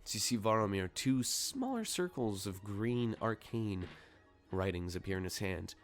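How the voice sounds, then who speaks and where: A man with a fairly low voice narrates a tabletop game as game master. He talks loosely, stumbling and restarting, while soft music plays faintly behind. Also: animated, normal speed.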